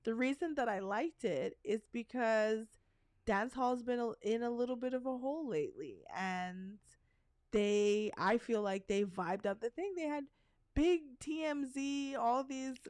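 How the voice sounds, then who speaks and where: A woman's voice: a little high, lively intonation, a little slow, darkish tone, clear, resonant tone, no echo, clean studio sound. Chatty middle-aged woman podcast host. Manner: chatty storyteller, rambling asides. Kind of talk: casual chat.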